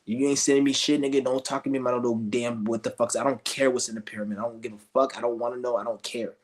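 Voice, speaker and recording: A man's voice: medium pitch, fairly even intonation, fast talker. A male streamer ranting with scorn, rambling and cursing as he goes. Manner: profane, scornful, rambling rants. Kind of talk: ranting commentary.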